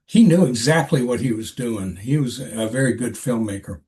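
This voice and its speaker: An older man with a medium-pitched voice recounts an old experience in a relaxed interview. He talks in a halting, rambling way, circling back with fillers and restarts as he goes. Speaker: actor, podcast guest. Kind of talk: casual interview storytelling.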